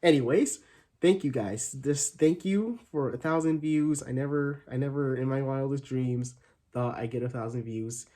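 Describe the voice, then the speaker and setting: Rambling young man with a mellow voice. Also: medium pitch, moderate pace. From Arizona, USA. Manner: rambling, upbeat, many fillers and restarts. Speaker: channel host. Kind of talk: casual thank-you vlog.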